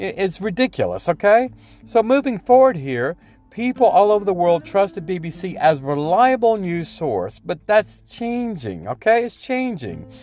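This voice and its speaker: Podcast guy ranting solo, kinda high voice, lots of uh and okay?, faint music behind. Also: darkish tone. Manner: rambling, tags points with "okay?"; frequent fillers and restarts, indignant. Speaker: podcast host. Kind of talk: solo opinion commentary.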